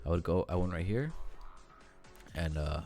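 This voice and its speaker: Low-voiced young man, rambling vlog chat. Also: normal speed, warm tone, faint music behind. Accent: Mexican American. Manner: rambling, self-interrupting, swears casually. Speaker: vlogger. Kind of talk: casual rambling monologue.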